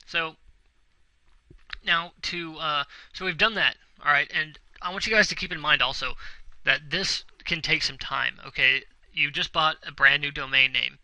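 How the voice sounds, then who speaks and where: A young man narrating a screen tutorial in a casual, reassuring way, checking in again and again. His voice is very bright and has a gravelly fry. The sound is dry, close to the mic. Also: fairly high pitch, no echo, low-quality recording. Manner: casual, reassuring, repeats himself often with "okay?". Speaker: web tutorial instructor. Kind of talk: screen-recorded tutorial walkthrough.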